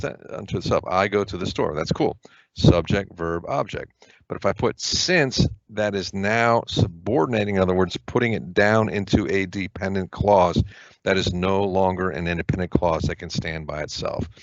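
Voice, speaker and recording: A man's voice: low voice, gravelly, dry recording. A man teaching an online test-prep lesson, explaining grammar casually and often checking in with the listener. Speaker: SAT prep tutor. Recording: dull lo-fi webinar audio.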